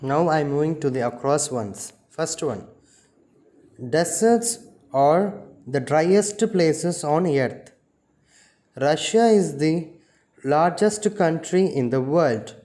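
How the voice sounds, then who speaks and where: A male school teacher with an Indian English accent, leading a slow, careful revision lesson and explaining word meanings one by one. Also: on the high side, animated, warm tone.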